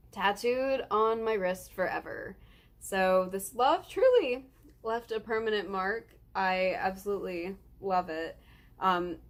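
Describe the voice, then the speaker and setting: Teary 19 yr old girl rambling to camera, earnest, lots of ums. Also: mid-range voice. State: tearful, close to crying. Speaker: vlogger. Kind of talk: emotional personal vlog.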